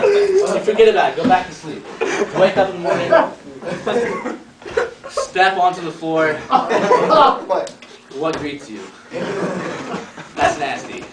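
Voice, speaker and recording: A man doing a crude mock stand-up routine, rambling and asking the audience questions. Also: high voice. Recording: echoey room from far off with a laughing audience. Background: audience laughter.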